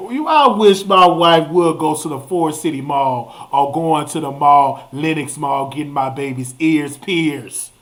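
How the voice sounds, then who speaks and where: Animated man hosting a casual live show. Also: a little high. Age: 30s. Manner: animated, drawn-out exclamations and repetitions. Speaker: host.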